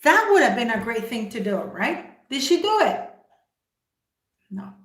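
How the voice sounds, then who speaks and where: A woman hosting a livestream delivers emphatic, opinionated commentary straight to her viewers, firing off rhetorical questions. Her voice is fairly high and very animated at a measured pace, and the recording has a roomy echo.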